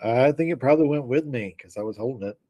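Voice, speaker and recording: An easygoing man plays his character in a tabletop game and cracks jokes. His voice is mellow and dark at an ordinary pitch. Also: fast. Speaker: player. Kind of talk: tabletop role-play chat.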